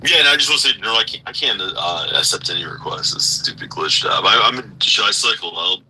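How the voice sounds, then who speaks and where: A man from the United States calling into a live audio room, talking haltingly with many fillers and restarts. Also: fairly low pitch, expressive, bright, forceful tone, a little hiss or hum, rough recording. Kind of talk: casual chat.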